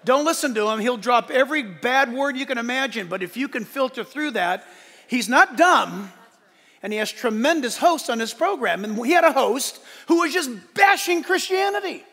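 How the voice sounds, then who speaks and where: A man as pastor delivering a sermon, animated and emphatic, swinging between shouts and soft asides. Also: extremely high pitch, moderate pace. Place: church sanctuary. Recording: large hall with long reverb.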